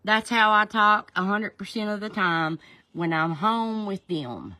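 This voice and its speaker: A woman's voice: mid-range voice, lively intonation, unhurried, pushed and bright, dry recording. A woman chatting casually on a livestream, answering viewers by name in a folksy way. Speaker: livestream host. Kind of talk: casual livestream chat, reading viewer comments.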